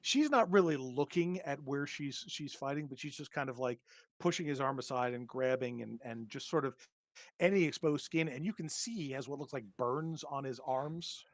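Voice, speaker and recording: A man serves as game master for a tabletop horror session, narrating hesitantly with frequent pauses and lots of "um" and other fillers. His pitch is an ordinary middle register, and the sound is close and dry with no room echo.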